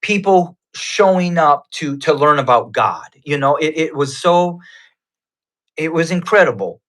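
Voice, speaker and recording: A man's voice: fairly high pitch, expressive, fairly bright tone. A man giving his personal faith testimony as a guest, telling it in an earnest, conversational way. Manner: earnest, conversational, unhurried retelling.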